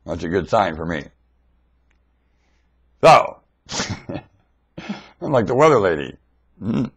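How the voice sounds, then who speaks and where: Husky man rambling to his webcam. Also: mid-range voice. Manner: rambling, swings between loud outbursts and mumbling. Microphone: webcam mic.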